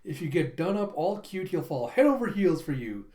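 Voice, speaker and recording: A reader voicing a pushy, lovestruck rich little girl, raising the pitch and pushing excitedly. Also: moderate pace, natural voice. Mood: bossy. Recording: roomy echo.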